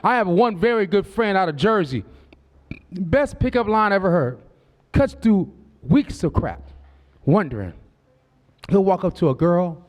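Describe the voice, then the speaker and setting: A man in his forties doing stand-up on a club stage. His voice sits fairly high for a man. His delivery is brash and full of profanity, and he breaks into quoted voices as he tells his stories. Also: animated, measured pace. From Southern California. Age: 40s. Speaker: stand-up comedian. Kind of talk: stand-up comedy set.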